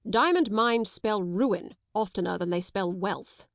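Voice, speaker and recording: A woman's voice: mid-range voice, a little slow, no room sound, lightly acted. A woman reading an audiobook, voicing a dry, brusque middle-aged male solicitor with a clipped, disapproving manner.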